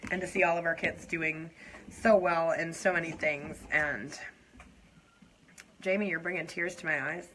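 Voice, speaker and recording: A young adult woman chatting openly to her viewers as she does her makeup on a live stream, confiding and laughing softly. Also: low-pitched, fairly even intonation, unhurried, long pauses, a little hiss or hum, low-quality recording. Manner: warm, confiding, breaks into soft laughs. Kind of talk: casual heartfelt chat to viewers while doing makeup.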